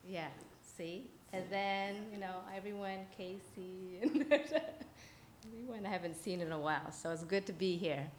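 A woman's voice: mid-range voice, a little slow, a little hiss or hum. A woman giving a children's message at church, telling a story with chatty asides, frequent laughs and questions to the audience. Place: church hall. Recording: echoey church hall, faint ambience.

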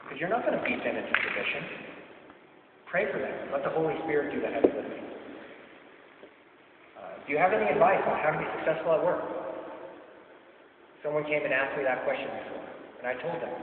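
Male preacher, storytelling sermon, lively intonation, distant echoey hall, tinny lo-fi sound. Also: on the high side, fairly quick, long pauses, a little hiss or hum. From China. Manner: animated, acts out quoted dialogue.

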